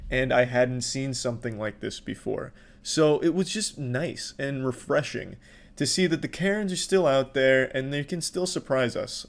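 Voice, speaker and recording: A man giving profane, sarcastic commentary on viral videos in a deadpan delivery. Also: mid-range voice. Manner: sarcastic, deadpan, swears constantly. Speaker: online commentary host.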